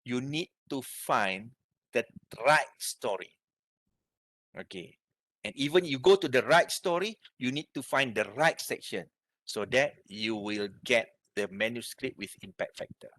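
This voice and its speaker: Lively Malaysian-accented male lecturer. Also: mid-range voice, measured pace, no room sound. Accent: Malaysian English. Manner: explains step by step, asks the class if they have questions. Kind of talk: university lecture on research methods.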